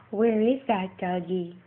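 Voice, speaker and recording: A woman's voice: medium pitch, fairly even intonation, slow pace. A woman cooing baby talk at an infant in a coaxing, sing-song way, laughing often. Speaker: parent filming a baby. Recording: tinny lo-fi phone recording with faint hiss.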